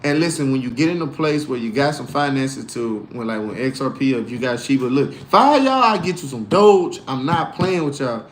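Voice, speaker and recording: Animated slangy man in an echoey room. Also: brisk, hardly any pauses, a little hiss or hum. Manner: animated, swinging from low grumbles to loud outbursts; slangy, preachy mix of faith and crypto talk. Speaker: crypto livestream host. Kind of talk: casual livestream chat reading comments.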